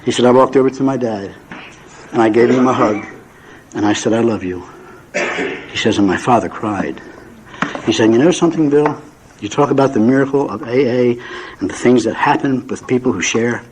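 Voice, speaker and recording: Older guy telling his story at a meeting, folksy and heartfelt, middle-pitched voice, faint room hum. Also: normal speed, pauses often. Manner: folksy, emotional storytelling with acted-out dialogue. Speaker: speaker sharing his story at a recovery meeting.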